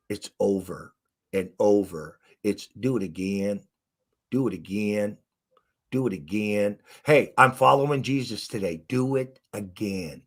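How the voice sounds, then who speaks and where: Animated middle-aged coach telling stories. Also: male voice, lowish voice. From Arkansas, USA. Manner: emphatic, animated storyteller who acts out quotes. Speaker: basketball coach, guest. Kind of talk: storytelling in an interview.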